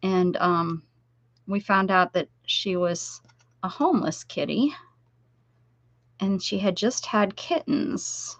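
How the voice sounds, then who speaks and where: A woman's voice: mid-range voice, slow, long pauses, no echo. A middle-aged woman chatting casually with viewers on a craft live-stream, rambling and greeting people by name. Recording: dull lo-fi stream audio.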